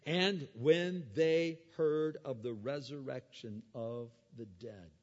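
A man preaching a sermon. He moves between quiet explanation and loud, emphatic preaching, and he asks the audience rhetorical questions. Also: medium pitch, slow. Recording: dull sound with long hall reverb.

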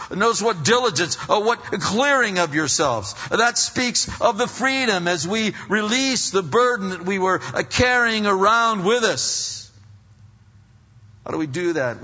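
A man's voice: high voice, bright, forceful tone, slightly rough. A man preaching an earnest sermon, often restarting his sentences and acting out inner voices. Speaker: pastor. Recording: dull lo-fi sound with long hall reverb.

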